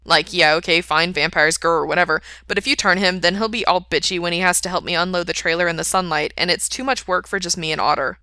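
A woman reading aloud and voicing a brash, crude young man who swears a lot and talks loudly. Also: on the low side, fairly even intonation, fast, few pauses, no room sound, studio quality. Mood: loud, grossed out.

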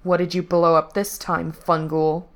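A cold, menacing male villain, as a woman reading the story puts him on. He speaks in a low, hushed, measured way, each threat slow and deliberate. The voice sits a little deep. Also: little pitch movement. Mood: growling threat.

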